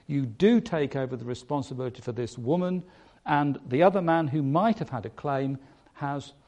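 A man preaching a sermon, emphatic, stressing points by changing his loudness and pace. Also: mid-range voice.

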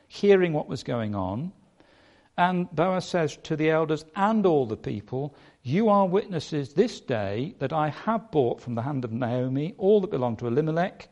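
Male preacher, slightly higher voice, emphatic sermon delivery. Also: muffled recording. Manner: emphatic, varies loudness and pace for stress.

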